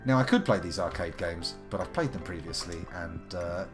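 A man's voice: deep voice, animated, moderate pace, over music. A man giving chatty, wry let's-play commentary as a game streamer. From United Kingdom. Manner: chatty, wry, reads characters aloud in silly voices.

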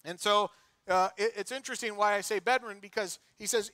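A middle-aged male pastor preaches in a church with a notably high, bright voice. His delivery is conversational, mixing scripture with personal anecdotes. The sound is dry and close, with little room echo. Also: steady tone, fairly quick. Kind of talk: sermon. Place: church sanctuary.

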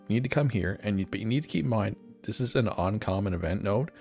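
A man's voice: lowish voice, lively intonation, fast talker, creaky, a little mellow, soft background music. A man casually walking through a video game guide, chatty and thinking aloud as he plays. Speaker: gaming guide host. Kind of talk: casual game walkthrough narration.

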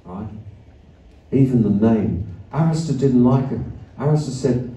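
A man's voice: medium pitch, lively intonation, a little slow, long pauses, dark tone, muffled recording. An older man, a musician on stage, telling rambling, wry anecdotes between songs, swearing and chuckling. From Australia. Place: arts centre concert hall. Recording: echoey venue from a distant mic.

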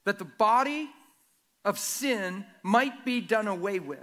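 A man's voice: high voice, animated, takes it slowly, a bit bright. A man preaching a sermon who reads scripture aloud and keeps quizzing the congregation with questions in an emphatic way.

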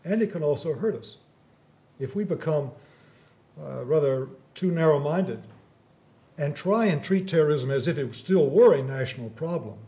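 A man giving a lecture and answering questions, speaking in a measured, hesitant way with frequent fillers, on a slightly dull recording. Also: fairly high pitch, gravelly, warm tone. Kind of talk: lecture Q&A, telling a joke.

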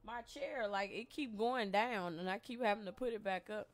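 A young woman live streaming a game, chatting casually with her squad, blunt and profane, breaking into loud laughs. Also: medium pitch, moderate pace, hardly any pauses. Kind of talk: casual gaming stream chat. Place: at home in a gaming chair.

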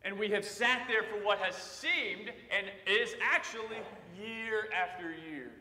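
In a church sanctuary, a man with a high, bright voice delivers a sermon, speaking conversationally before building to loud cries on the passages he quotes. He keeps a measured pace with few pauses, picked up by a distant mic. A long, echoey church reverb rings through the sound.

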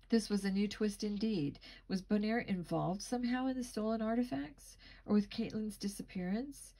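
A woman reading a mystery novel aloud in a steady first-person narration, with occasional slips and restarts. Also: mid-range voice, poor audio. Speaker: audiobook reader. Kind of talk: storybook narration.

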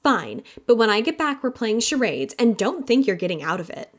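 A woman's voice: very animated, moderate pace. A woman voicing a sassy, nosy young sister. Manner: sassy, high-pitched.

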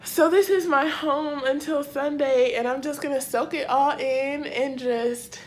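A woman's voice: high-pitched, steady tone, measured pace, a little hiss or hum. A young woman from Ohio vlogging from a hotel room, gushing and tearful as she talks straight to her viewers. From Akron, Ohio. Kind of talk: emotional vlog chat.

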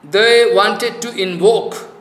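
A man giving a devotional sermon as a spiritual teacher, speaking haltingly in broken English with many fillers. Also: sits high, a bit bright. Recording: echoey room.

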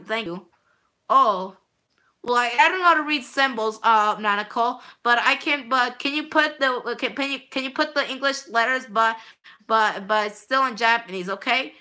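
A bright, sharp-toned woman streaming a game live and chatting to her viewers. Her voice sits fairly high. She rambles on, repeats words and trips over herself with many restarts and fillers. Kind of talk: live gameplay streaming chat.

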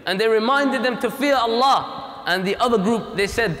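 A man with a high-pitched, fairly bright voice gives the Friday sermon at a moderate pace, his words echoing with the long reverb of the mosque hall. He is emphatic and impassioned, returning to key lines and mixing Arabic phrases into his speech.

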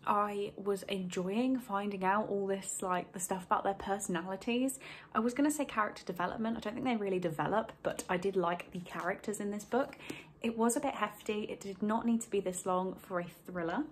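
A young woman talks to her camera at home, rambling and apologetic as she chats about her reading. Her pitch sits in the middle of the usual range for a woman, and her talk is loose and casual. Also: moderate pace, slight background noise. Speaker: book vlogger. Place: home, indoors.

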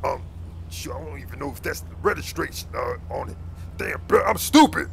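A man playing a bumbling bossy cop, bright and gravelly. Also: fairly high pitch, expressive, a little fast, slight background noise. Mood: fumbling. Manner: blustering, yells shut up, fumbles and mutters. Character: bossy, bumbling young male street cop.

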